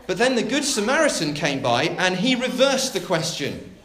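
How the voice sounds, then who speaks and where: A minister delivering a sermon in a lively, dramatic style, pitched fairly high with wide swoops. The church room echoes around him. A faint hiss and clicks sit underneath. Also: male voice. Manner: expressive, dramatic delivery with big pauses.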